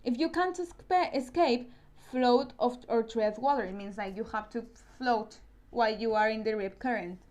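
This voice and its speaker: A woman's voice: fairly high pitch, moderate pace, a little mellow. A woman with a Spanish accent teaching an online science lesson, explaining step by step and often repeating or restarting words. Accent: Spanish-speaking.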